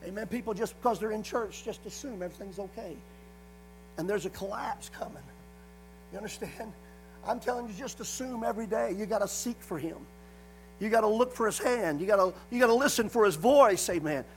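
A man's voice: high-pitched, brisk, soft background music, low-quality recording. A man preaching a sermon, hammering points through repetition and punctuating them with frequent calls of "amen". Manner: repetitive emphatic phrasing, frequent "amen" call-outs.

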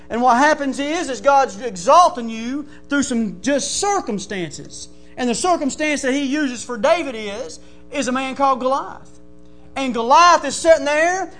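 A male pastor, preaching a folksy sermon that builds into shouting. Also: extremely high pitch.

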